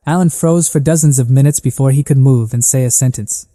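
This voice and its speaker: A man narrating a story recap in a steady, even reading. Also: mid-range voice, brisk, hardly any pauses, long reverb tail.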